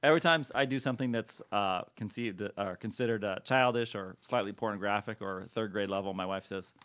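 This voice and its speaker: A man's voice: lowish voice, fairly quick, a bit bright. Male co-host, casual banter, needles his pals. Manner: teasing, laughs often. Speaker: podcast co-host. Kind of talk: casual chat.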